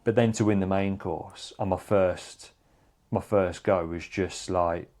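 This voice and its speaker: A man, a chef, telling stories in a casual chat, animated and swearing freely, calling people "mate". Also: sits low, a little slow. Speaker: chef guest.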